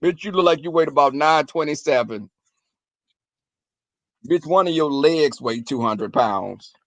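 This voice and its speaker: This is a casual, animated rant from a man sharing crude, profane stories with his audience and voicing the arguments shrilly. His pace is measured and the recording is dry.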